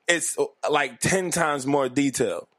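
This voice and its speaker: A man's voice: a little high, no echo. Profane, laid-back male podcast co-host. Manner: relaxed, profane, laughs often. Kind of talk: casual chat. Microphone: podcast mic.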